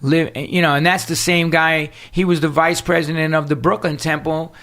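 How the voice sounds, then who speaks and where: A man's voice: a little high, moderate pace. Middle-aged New man, podcast guest, raised voice, blunt and profane storyteller. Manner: profane, animated street-talk storytelling. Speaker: podcast guest, punk singer. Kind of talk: storytelling in casual interview.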